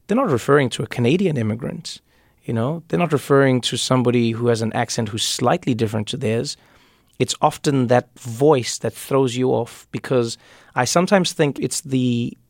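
A man's voice: medium pitch, gravelly, no room sound, clean studio sound. A man from Africa, speaking thoughtfully as an interview guest and repeating words as he builds a point. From South Africa. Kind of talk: conversational interview.

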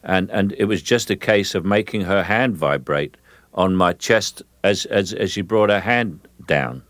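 An older man with a London Cockney-rooted accent, talking through a radio interview in an unhurried, halting way with many fillers. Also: low voice, fairly bright tone, no echo. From England. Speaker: guest, film actor.

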